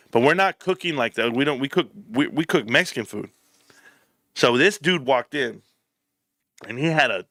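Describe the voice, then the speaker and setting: Young california guy on a home live stream, super animated ups and downs, reading chat and telling stories. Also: medium pitch, dry recording, clean studio sound. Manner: animated storytelling, reads chat aloud. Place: home, standing at a desk.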